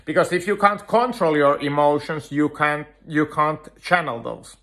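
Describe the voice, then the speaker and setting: A man giving an earnest dog-training lecture, talking in halting phrases full of "uh" fillers. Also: a little high, fairly bright tone. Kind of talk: instructional lecture.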